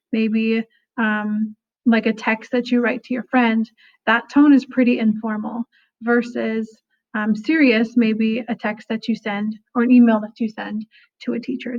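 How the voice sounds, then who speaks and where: A young woman teacher giving a casual recorded lesson, full of fillers and "kinda". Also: fairly high pitch. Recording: slightly dull lo-fi audio.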